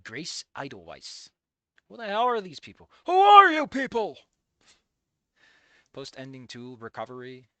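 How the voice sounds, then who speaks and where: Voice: mid-range voice, fairly bright tone, dry recording. A fanfic reader reading aloud with casual, profane, jokey asides and live commentary.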